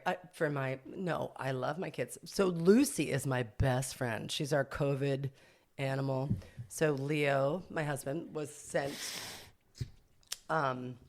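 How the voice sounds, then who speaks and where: A middle-aged boutique owner appears as a podcast guest, telling stories in a casual interview. Her voice is low, and she speaks in a chatty, self-mocking way, laughing often.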